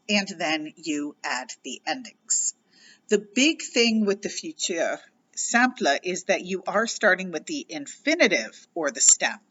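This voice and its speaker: Bright-voiced woman teaching a grammar lesson. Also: lowish voice, dull audio. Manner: patient, explanatory, spells out letters. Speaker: French teacher.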